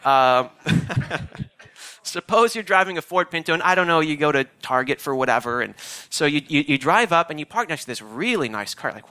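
Bright-voiced pastor preaching. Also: male voice, a little high, expressive, normal speed, clean tone. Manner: conversational, emphatic, repeats key phrases. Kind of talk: sermon.

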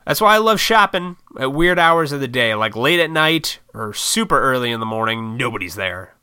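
A man's voice: mid-range voice, animated, moderate pace, bright, forceful tone, smooth, dry recording, studio quality. A man telling a rambling, swear-heavy story to the camera, poking fun at his own impatience. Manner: rambling, profane, self-deprecating. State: short on sleep. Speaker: vlogger. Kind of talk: casual storytelling monologue.

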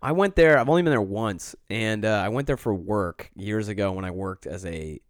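A man's voice: lowish voice, moderate pace, no echo, clean studio sound. A man chatting casually and jokingly, now and then slipping into silly voices. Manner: jokey, slips into silly put-on voices. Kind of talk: casual comedic chat.

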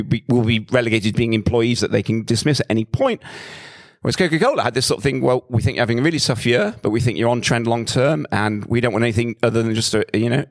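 Male founder, middle-aged, chatty storyteller, self-deprecating, stumbles and restarts; mid-pitched. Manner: animated, self-mocking, many restarts. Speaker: company founder. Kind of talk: conversational storytelling talk.

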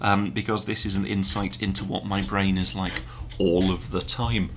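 A man's voice: low voice, level tone, normal speed, a little hiss or hum. A man co-hosting a casual home podcast, rambling and easily sidetracked, mocking himself as he goes. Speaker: podcast co-host. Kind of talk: casual chat. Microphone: home podcast mic with earpiece.

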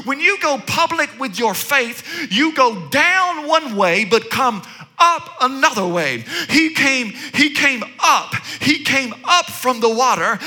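A man preaching with a very high, piercing, bright voice that swings up and down with animated energy. He drives his points home through rhythmic repetition and calls out to the congregation. Joking asides break up the sermon. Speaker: pastor.

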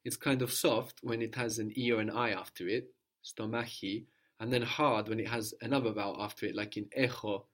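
A man's voice: fairly low pitch, fairly even intonation, fast, few pauses, fairly bright tone. A man teaching a language lesson, patiently prompting his student with questions and repeating the answers.

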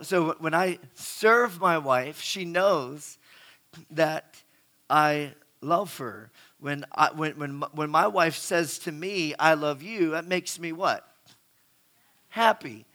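A man's voice: high voice, pushed and bright. A middle-aged man preaching a sermon, chatty and asking the audience questions, often repeating words as he goes. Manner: conversational, asks the crowd questions, repeats words.

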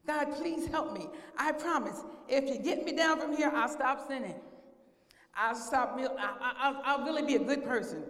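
A woman voicing a desperate man hanging from a cliff, pleading high and frantic. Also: huge pitch swings, slow pace, pauses often, a little mellow, roomy sound, big-room sound, full character voice.

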